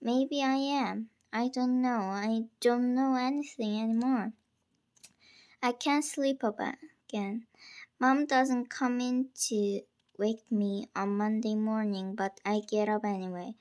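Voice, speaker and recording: A woman with a slightly high, darkish voice and fairly even intonation reads a first-person story out loud at a slow, careful pace. The performance is homemade rather than polished, with small stumbles where she trips on a word and begins again.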